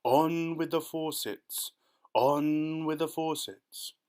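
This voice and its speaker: A man voicing a distant male cloud man in a storybook audiobook, bellowing slow commands from high above. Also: fairly even intonation, darkish tone. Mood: commanding.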